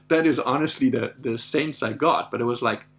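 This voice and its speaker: A middle-aged podcast host with a medium-pitched voice tells a story casually at normal speed. He is animated, acting out the voices of the people in his anecdote, laughing often and swearing now and then.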